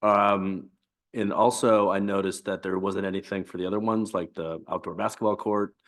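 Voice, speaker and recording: A commissioner at a public meeting giving blunt feedback, with a dry, sarcastic streak. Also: male voice, sits low, fairly even intonation, normal speed.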